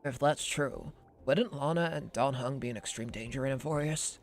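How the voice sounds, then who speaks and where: Gravelly and steady, this is a man playing an earnest young adventurer in a game dub. The tone stays level and sincere, with faint music in the back. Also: mid-range voice, moderate pace, lightly acted.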